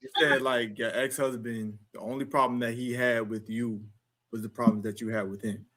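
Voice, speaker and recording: A man's voice: medium pitch, fairly even intonation, moderate pace, a bit bright. A man hosting a podcast, asking probing questions and recapping what his guest said. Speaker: podcast host. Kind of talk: casual podcast discussion.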